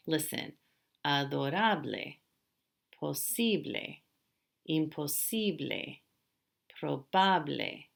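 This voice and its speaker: A woman teaching a language lesson, explaining patiently step by step and slowly drawing out example words. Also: mid-range voice, a bit bright. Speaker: Spanish teacher.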